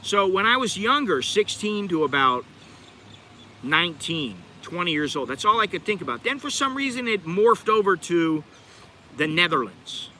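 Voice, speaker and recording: Bright-voiced, chatty American man. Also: sits high, very animated, moderate pace, a little hiss or hum. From United States. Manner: chatty, digressive, talks to viewers directly. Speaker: channel host. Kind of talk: rambling livestream chat.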